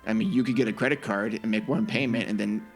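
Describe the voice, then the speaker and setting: A man co-hosting a podcast in casual chat, animated, often restarting his sentences. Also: fairly low pitch, quick pace, soft background music. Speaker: podcast co-host.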